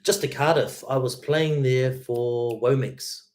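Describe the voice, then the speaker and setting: A man's voice: medium pitch, steady tone, unhurried, over loud music. Laid-back male guitarist chatting on stream. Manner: chatty, laid-back, lots of "man" and "mate". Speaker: guitarist and livestream host. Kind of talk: casual livestream chat reading viewer comments.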